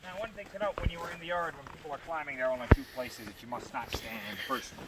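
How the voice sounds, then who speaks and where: A man's voice: a little high, expressive, rapid-fire, far from the mic, very noisy. A man instructing a group outdoors on spar pole climbing technique, projecting his voice while he climbs. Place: outdoor yard.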